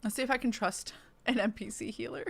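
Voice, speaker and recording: A woman's voice: on the high side, brisk, creaky, a little hiss or hum. A woman streaming a game, giving playful, casual commentary and laughing often. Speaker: gaming streamer. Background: faint game music.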